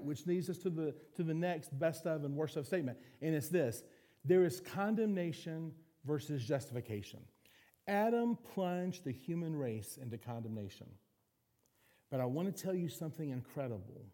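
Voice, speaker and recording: A man preaching a sermon as pastor, animated, acting out little voices and quotes. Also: a little high, normal speed.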